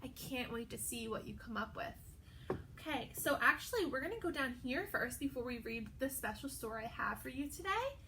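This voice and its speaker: A young adult woman teaching a video lesson to young children, talking in a slow, sing-song, encouraging way. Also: sits high, expressive, noisy background. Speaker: pre-K teacher.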